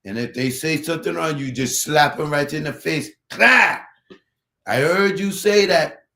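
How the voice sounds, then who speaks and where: A man's voice: unhurried, bright, forceful tone. A man doing a pushy Spanglish hype salesman. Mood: hyped. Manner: high-energy sales pitch, says "papi" and "puppy" over and over. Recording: roomy echo.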